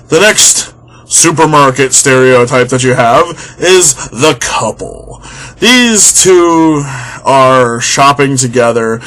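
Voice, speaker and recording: A man's voice: mid-range voice, fairly bright tone. A young man ranting on his vlog, exasperated and sarcastic, swearing freely. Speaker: vlogger. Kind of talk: comedic rant.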